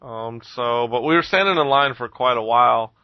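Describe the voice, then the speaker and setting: Animated swearing man on a dull recording. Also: medium pitch, normal speed, dry recording. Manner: animated storytelling, swears a lot, acts out quotes. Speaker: podcast co-host. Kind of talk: casual chat.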